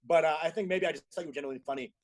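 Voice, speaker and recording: A man's voice: fairly high pitch, rapid-fire. A man, a comedian guest on a podcast, joking in casual banter and swearing freely. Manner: lively, profane banter with laughter. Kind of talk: casual chat.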